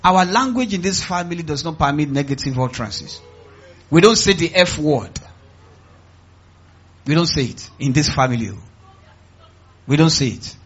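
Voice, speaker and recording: A male pastor with a Nigerian accent preaches to his church in a husky, fairly high voice. He drives his points with call-and-response cries, dropping to low asides and then climbing to loud, emphatic peaks. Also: lively intonation, moderate pace, long pauses, highs cut off. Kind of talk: sermon.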